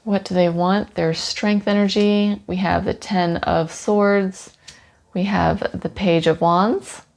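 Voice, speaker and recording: A woman giving a casual tarot reading for a pet owner, talking softly and soothingly with lots of "you know" fillers. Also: medium pitch, fairly even intonation, slow pace, vocal fry.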